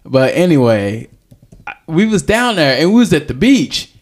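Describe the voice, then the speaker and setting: A young man tells a story in a casual podcast chat. His pitch swings widely as he rambles and jokes, and he sounds lively and animated. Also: a little slow. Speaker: podcast host.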